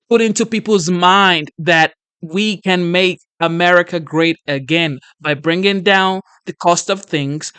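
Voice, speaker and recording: A reaction-video host talks back at a clip in an earnest, sometimes preachy tone and sounds exasperated. The voice is smooth and clear. It is recorded close and dry, with no room sound. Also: mid-range voice, fairly bright tone, dry recording. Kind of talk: casual reaction commentary.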